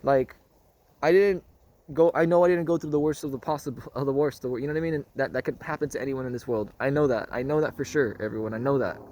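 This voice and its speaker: Talking fast in a medium-pitched, somewhat mellow voice, a man who vlogs about spirituality works through a reflective monologue. He's earnest and rambling, keeps returning to the same phrase, and often asks "you know what I mean?"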